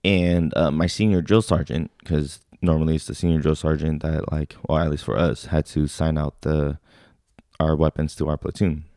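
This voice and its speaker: A young man, a podcast co-host and army veteran from Sacramento, telling a story in casual chat, animated and swearing freely, acting out shouted drill exchanges. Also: extremely low pitch, moderate pace, no echo, studio quality.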